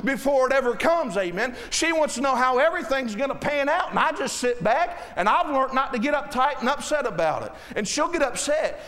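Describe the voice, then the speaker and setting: High pitched preacher guy in his 30s, folksy, gets loud and fired up talking to the church. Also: expressive, moderate pace, few pauses, in a large hall. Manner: impassioned, rising to shouts; folksy, addresses the congregation directly. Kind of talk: sermon.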